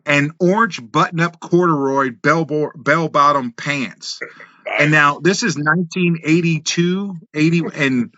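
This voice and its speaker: A man in his fifties, a podcast guest who tells lively stories from his past, acting out voices, laughing and swearing. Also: on the high side, measured pace, no echo. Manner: animated storyteller, acts out voices, laughs, swears. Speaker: podcast guest, wrestler and musician. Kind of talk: casual storytelling. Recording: dull, slightly lo-fi, dry.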